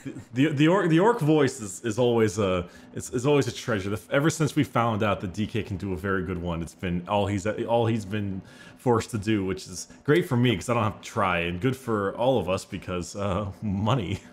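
Deep-voiced man, halting casual storyteller. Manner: hesitant, many fillers and restarts while storytelling. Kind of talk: casual podcast chat.

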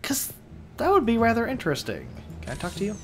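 A man's voice: high-pitched, wildly swooping pitch, fast, music in the background. A man doing casual let's play commentary, tired and yawning, rambling and talking to himself with frequent restarts.

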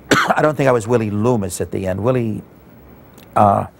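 A man's voice: lowish voice, moderate pace, gravelly. A man, an actor, recalling his old role in a rambling way, chuckling as he goes. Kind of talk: anecdotal reminiscence.

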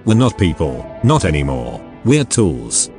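A man's voice: rumbling low, measured pace, soft background music, pitched below the performer's own voice, heavily acted. A man's synthetic text-to-speech voice reading the lines of a cold, ruthless male spy handler. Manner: flat synthetic delivery.

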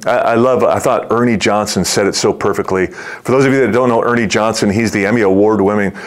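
Middle-aged male pastor, fairly low voice, chatty preaching style with frequent restarts. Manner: conversational, repeats words when starting sentences; acts out quoted voices in the story. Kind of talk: sermon.

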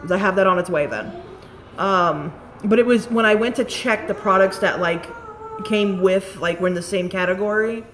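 A late-thirties woman rambles through a casual live-stream chat, cursing offhandedly as she goes. Her voice sits at an ordinary middle pitch, with a faint hiss of noise behind it. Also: moderate pace. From Staten Island, New York. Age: late 30s. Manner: rambling, chatty, swears casually. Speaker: beauty product reviewer.

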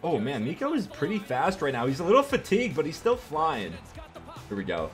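A young man giving excited, hyped commentary over his own hockey video game, yelling at big plays and joking with crude words. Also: on the high side, moderate pace. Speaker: gaming YouTuber. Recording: faint music behind.

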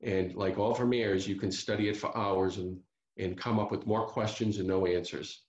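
A man tells a true crime story at an author talk, pausing on fillers and restarting his sentences as he goes. His voice sits a little low. The sound comes through a video call, echoey and muffled. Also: steady tone, a little mellow. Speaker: author giving a library talk. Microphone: computer mic on a video call.

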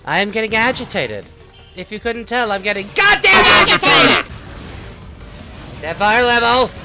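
A man's voice: sits high, very animated, brisk. A man playing a symmetry-obsessed young male reaper, giving short-tempered gameplay commentary and swearing at the game. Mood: agitated, yelling. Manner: easily agitated, swears and yells at the game. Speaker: gamer playing in character. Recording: game music playing behind the voice.

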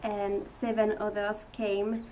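Young French-accented woman, mission leader, unhurried and hesitant, mic at a distance with faint background noise. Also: mid-range voice, little pitch movement, warm tone. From France. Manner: hesitant, many fillers, earnest. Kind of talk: testimony to supporters.

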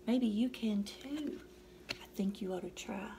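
A woman reads a picture book aloud to young children, taking her time over every page. Her voice is mellow, sits a little high and carries a gravelly fry. She plays out the sound effects and keeps coaxing the little ones to join in. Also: measured pace. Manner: playful, acting out animal and noise sounds; coaxing questions to young listeners. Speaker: storytime reader.

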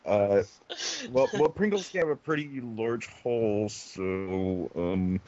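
A man's voice: lowish voice, expressive, slow pace, dark tone. A man in casual podcast chat, making dry, wry remarks with hesitations. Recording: dull lo-fi recording.

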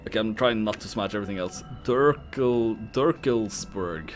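A man streaming a game who jokes and swears loudly as he plays. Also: fairly low pitch, very fast, soft background music. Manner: jokey, swears a lot, lively. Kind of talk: casual game commentary.

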